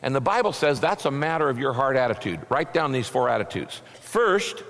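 A middle-aged pastor preaching a sermon in a folksy, conversational way. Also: male voice, medium pitch, very animated, fairly quick, a bit bright. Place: church sanctuary. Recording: long reverb of a large hall.

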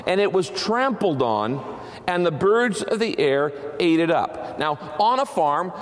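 A man's voice: high-pitched, big pitch swings, a little slow. A man preaching a sermon, emphatic, driving points home with repeated lists. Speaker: pastor. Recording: long hall reverb.

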